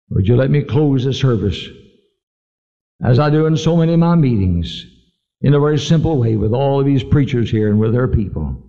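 A man's voice: mid-range voice, very animated, normal speed, creaky, pauses often, mellow. A man preaching a sermon, telling a story earnestly and then leading a heartfelt altar call. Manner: earnest, fervent storytelling, pleading invitations. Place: large church meeting hall. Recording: lo-fi live recording in a large hall.

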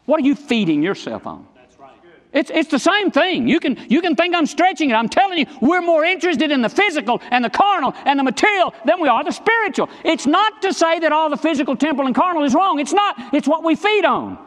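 High-voiced preacher in an echoing church. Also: male voice, very animated, fairly quick, fairly bright tone. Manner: emphatic, repetitive preaching, swinging between low and high. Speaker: pastor. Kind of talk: sermon. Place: church sanctuary. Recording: long church reverb.

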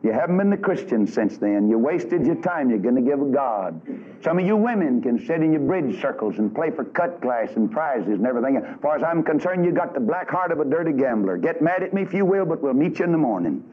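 A man's voice: medium pitch, very animated, brisk. A man preaching a fiery revival sermon in a folksy, scolding way. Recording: dull lo-fi archive recording.

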